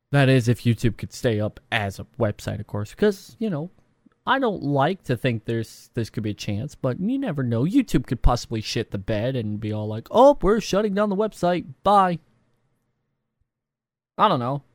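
A young YouTuber vlogs casually, rambling, putting himself down and using plenty of fillers. His voice is medium-pitched and the recording is dry.

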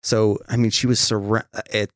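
A man's voice: lowish voice, normal speed, no echo, clean studio sound. A man hosting a podcast, talking casually and animatedly, with frequent swearing. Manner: profane, animated storytelling. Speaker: podcast host. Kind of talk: casual chat.

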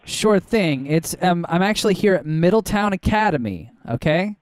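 A man's voice: sits high, animated, normal speed, darkish tone, slight background noise. A man on a call giving his details, hesitating with many ums. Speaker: caller.

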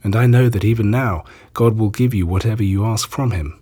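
Man voicing an earnest grieving woman, deep smooth read. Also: brisk, mellow. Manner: earnest, plain reading of quoted speech.

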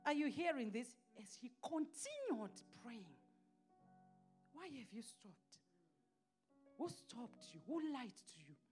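A woman preaching a sermon with passion, rising to shouts and dropping to hushed scripture reading. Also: a little high, big pitch swings, slow, long pauses, faint music behind.

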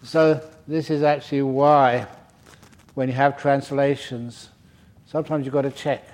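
A man's voice: medium pitch, darkish tone. A man giving a dharma talk to a retreat group as their meditation teacher, humorous and digressive, breaking off to joke. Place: retreat centre meditation hall.

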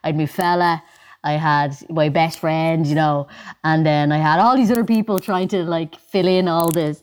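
Chatty Irish woman, lowish voice. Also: normal speed, clean tone. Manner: animated, chatty, many fillers like "like" and "you know". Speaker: singer telling a story as a guest. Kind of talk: casual anecdote in conversation.

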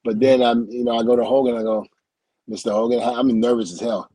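American guy spinning a story, dark husky voice, dry sound, laughs a lot while he talks. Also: mid-range voice, fast talker, no echo, low-quality recording. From United States. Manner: animated storyteller who acts out quotes and laughs often. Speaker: interview guest, former wrestler. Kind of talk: storytelling in a casual interview.

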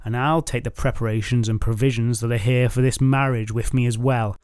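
A man's voice: mid-range voice, fairly even intonation, fairly quick, a little mellow, clean tone, no room sound, natural voice. A man voicing a smirking villainous suitor who gloats in an oily, leering way, on a dry close mic. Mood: gloating. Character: smug villainous suitor with a triumphant leer.

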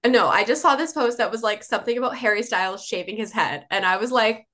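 A woman's voice: fairly high pitch, fast talker, fairly bright tone, slight background noise. A young adult woman chatting casually with a friend as a podcast co-host, giggly and chatty, filling her talk with "like". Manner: giggly, chatty, says "like" often.

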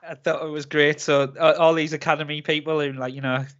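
A man's voice: on the high side, little pitch movement, a little fast, a bit bright, lo-fi sound. A man with a Geordie accent chatting casually as a podcast co-host, jokey and chatty. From North East England. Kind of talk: casual chat.

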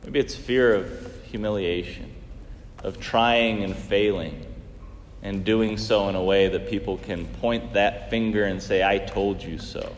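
A man's voice: mid-range voice, big-room sound, a little hiss or hum. A man preaching a sermon in earnest tones, asking rhetorical questions and swinging his emphasis up and down.

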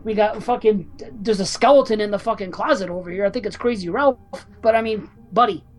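A man's voice: high-pitched, fairly quick. A man co-hosting a horror movie podcast, rambling in a frantic, profane way. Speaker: podcast co-host. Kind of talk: casual horror podcast banter.

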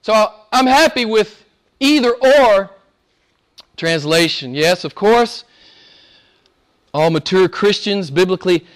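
A man's voice: high voice, lively intonation, slow, long pauses. A middle-aged man preaching a sermon, rising and falling emphatically as he exhorts his listeners.

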